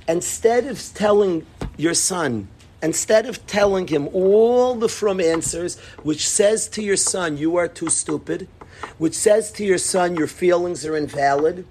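A man teaching a religious parenting class, animated and repetitive, acting out little scenes. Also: fairly high pitch, slight background noise. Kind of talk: parenting lesson.

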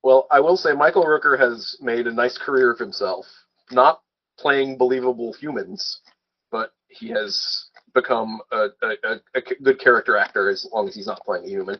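A man's voice: mid-range voice, normal speed, breathy edge, dry recording. Man, podcast co-host, sardonic, swears a lot, dull lo-fi recording. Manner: sardonic, swears freely, laughs often. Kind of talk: casual movie review chat.

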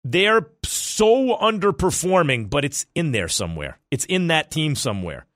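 Animated, opinionated male sports radio host. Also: a little high, normal speed, no room sound, clean studio sound. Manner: animated, argumentative, self-correcting.

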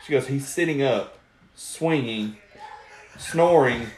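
Profane storyteller in an echoey room. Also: male voice, mid-range voice, slow pace, a little mellow, slight background noise. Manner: profane, rambling storytelling with lots of laughter. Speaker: guest storyteller. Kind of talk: casual podcast chat. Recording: roomy echo.

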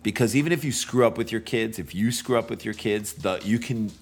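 A middle-aged man with a low voice chats as a podcast guest. He is from St. Louis. He tells stories in a casual, animated way and slips into the voices of the people he quotes. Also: brisk. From St. Louis, USA. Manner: animated, acts out quoted speech.

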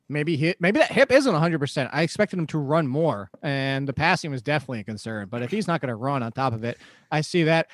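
A man's voice: a little high, no room sound, clean studio sound. A man co-hosting a podcast, chatting about fantasy football in an analytical way and laughing often. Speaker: podcast co-host.

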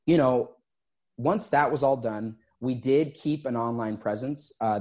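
A man who is an interview guest and former gym owner, telling his story casually and acting out past conversations. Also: mid-range voice. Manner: relaxed, recounts conversations in quotes.

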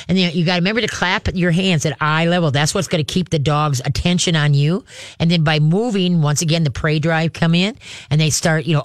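Animated high-voiced man teaching dog recall. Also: a little fast, dry recording, clean studio sound. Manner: animated, breaks into high excited calls to a dog. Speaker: dog trainer. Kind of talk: casual hands-on instruction.

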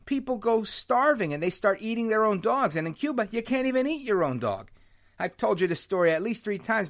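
A man hosting his own podcast, talking in an animated, opinionated way and dropping in Spanish words. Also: high-pitched. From United States. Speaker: podcast host. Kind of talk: solo podcast monologue. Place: New York.

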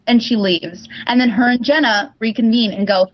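A woman co-hosting a talk show, retelling scenes in an animated way. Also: mid-range voice, moderate pace, no room sound, muffled recording. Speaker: co-host. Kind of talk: casual talk show chat.

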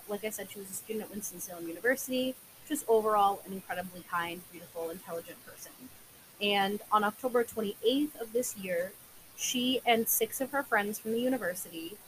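A woman's voice: medium pitch, a bit bright, a little hiss or hum, poor audio. A young woman co-hosting a true crime podcast, recounting case details casually with many filler words. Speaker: podcast co-host.

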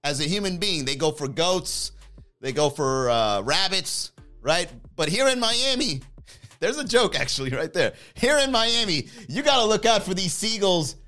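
A man's voice: sits high, lively intonation, moderate pace, bright, forceful tone, soft background music. A man hosting a livestream in casual chat, joking and rambling and laughing often. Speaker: livestream host.

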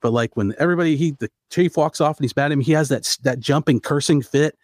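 A man's voice: a little high, fast, no echo, studio quality. A middle-aged man co-hosting a podcast, chatting casually about a movie, rambling and restarting his sentences. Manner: rambling, animated, self-interrupting. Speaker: podcast co-host. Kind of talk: casual movie review chat.

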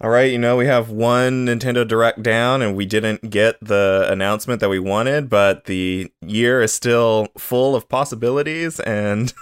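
A man's voice: on the low side, steady tone, a little slow, clean tone, dry recording, clean studio sound. A man guest on a casual podcast, laid-back and hedging, chuckling as he talks.

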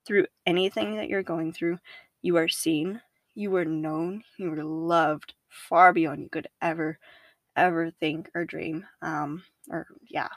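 A young woman, a podcast guest, talking casually about faith, animated, laughing often and acting out her own inner voices. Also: low-pitched, slow, dry recording.

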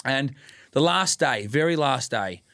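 A man in his late twenties with an Australian accent, co-hosting a casual podcast and telling stories in an animated, profane, self-deprecating way. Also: mid-range voice, a little slow, creaky. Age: late 20s. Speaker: podcast co-host. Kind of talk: casual chat, storytelling.

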